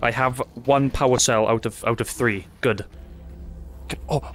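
A gaming YouTuber narrates his own gameplay in a live let's-play, his mid-range voice fairly even in intonation and a little slow. He's jittery and profane, swearing, muttering to himself and yelping in panic, with a faint hiss or hum on the recording.

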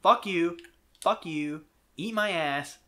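A man's voice: fairly high pitch, takes it slowly, sharp tone. A man ranting profanely while playing a video game, in casual commentary. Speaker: host and player.

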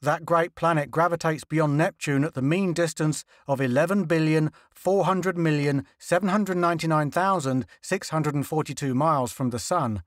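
A man reading a measured male astronomer. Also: a little high, no echo, clean studio sound, close to an everyday voice. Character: learned, earnest male astronomer.

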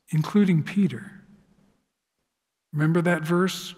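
A man preaching a sermon in a church sanctuary, telling the story with lively, dramatic flair. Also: on the high side, measured pace. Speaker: pastor. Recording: long church hall reverb.

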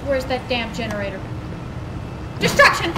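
A woman's voice: fairly high pitch, sing-song, normal speed, heavy background noise. A woman playing a horror game and commenting, panicky, swearing and repeating words in frantic bursts. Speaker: let's play gamer.

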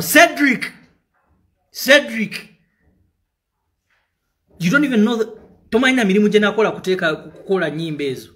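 A man's voice: high voice, a bit bright. A man from Uganda with a Ugandan accent, a musician in a heated, profane rant, switching between English and Luganda. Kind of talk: angry direct-to-camera rant.

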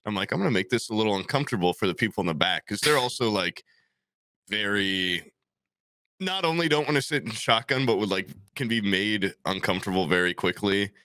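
A young man co-hosts a comedy podcast, telling rambling, crude stories in casual chat. His voice sits low but swings widely in pitch. The sound is bright and close, with almost no room echo. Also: fairly quick. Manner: rambling, crude, animated storytelling. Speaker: podcast co-host.

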